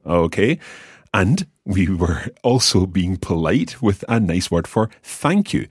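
Very deep-voiced, lively male teacher. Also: slightly rough, no echo, clean studio sound. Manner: patient, explanatory, models words slowly. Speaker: language teacher and host. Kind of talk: scripted language lesson.

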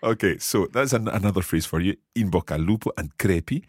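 A man's voice: low-pitched, quick pace, darkish tone, husky, no echo, studio quality. A man hosting a podcast language lesson, explaining phrases in an upbeat, explanatory way. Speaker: language teacher and podcast host.

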